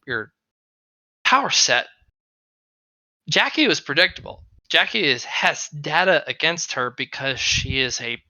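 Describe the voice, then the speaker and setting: A man's voice: on the high side, no room sound, rough recording. A man running a tabletop game as game master, narrating and swearing freely. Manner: animated, swearing, shouts out players' lines.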